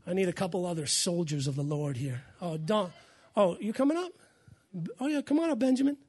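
A man with a notably high voice delivers a sermon as pastor. He preaches with fire, bursting into shouts and hammering phrases over and over inside his church. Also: lively intonation, a little fast, breathy edge. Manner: fiery, shouting, repeats phrases.

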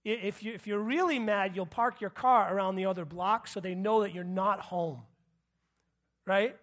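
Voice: mid-range voice, moderate pace, a bit bright. Chatty preacher checking in with listeners. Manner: conversational, checks in with the audience, acts out quotes. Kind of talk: sermon.

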